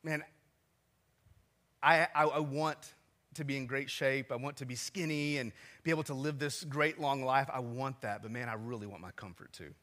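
A man's voice: mid-range voice, moderate pace, pushed and bright. A man in his forties, a pastor preaching a sermon in a chatty, self-deprecating storytelling manner with asides to the congregation. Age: 40s.

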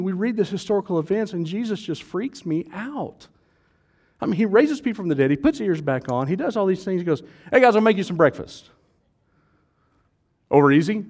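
A male pastor with a high-sitting voice preaches at a church service, lively and chatty, quizzing the people in the pews and joking with them.

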